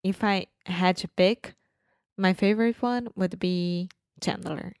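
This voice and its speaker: Woman, slow, lowish voice. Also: creaky, darkish tone, smooth, dry recording, clean studio sound. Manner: repeats words, simple phrasing. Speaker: podcast co-host. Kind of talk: casual chat.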